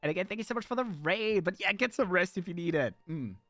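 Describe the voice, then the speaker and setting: A man streaming live in casual chat, playful and animated, jumping from excited squeals to low mutters. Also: fast, dry recording, soft background music.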